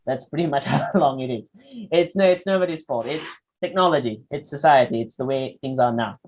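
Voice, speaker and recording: A man's voice: mid-range voice, fairly quick, low-quality recording. A young man with a Malaysian accent teaching a public speaking workshop in a chatty, demonstrative way with frequent asides. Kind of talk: lecturing a workshop.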